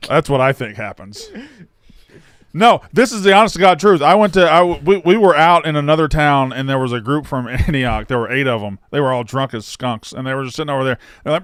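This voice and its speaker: A man's voice: mid-range voice, normal speed, long pauses, a bit bright, clear, resonant tone, no echo, clean studio sound. A man co-hosting a sports podcast, telling stories with playful boasting. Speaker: podcast co-host. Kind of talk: casual chat.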